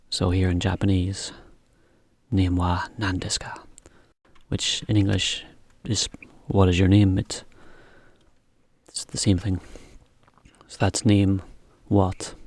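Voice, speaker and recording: Slow, gravelly male English teacher. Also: on the low side, darkish tone, dry recording. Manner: slow, careful, repeats example phrases. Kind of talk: slow spoken English lesson for learners.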